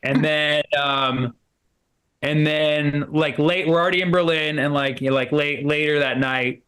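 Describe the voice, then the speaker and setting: A man's voice: on the high side, fairly even intonation, measured pace, a bit bright. Rambling male stand-up comic. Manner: rambling storytelling with many restarts and fillers; acts out both sides of conversations in quoted dialogue. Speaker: stand-up comedian. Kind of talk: stand-up set on a livestream.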